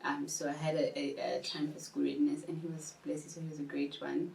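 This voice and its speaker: A woman's voice: sits low, flat delivery, a little fast, creaky, darkish tone, a little hiss or hum. A woman in her twenties, a podcast guest, explaining things in a thoughtful, casual way. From South Africa. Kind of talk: casual chat. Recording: roomy, distant mic, faint ambience.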